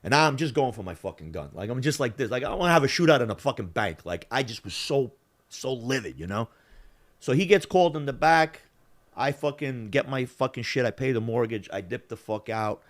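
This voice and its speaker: In a mid-range voice and at a fairly quick clip, a male podcast host tells a story in casual, profane talk, animatedly acting out the quotes of the people in it.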